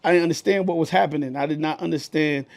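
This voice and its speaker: A man with a New York accent co-hosting a podcast, telling a story in a loud, animated, profane way. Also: a little high, fast talker, creaky. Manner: animated, profane, gets loud and heated retelling anecdotes. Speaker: podcast co-host. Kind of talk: casual podcast chat, storytelling.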